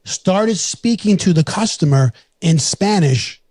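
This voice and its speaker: A man's voice: high voice, expressive, takes it slowly, darkish tone, no room sound, studio quality. A man, co-hosting a podcast, rambling, swearing and laughing easily. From New York. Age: 40s. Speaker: podcast co-host. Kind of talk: casual chat.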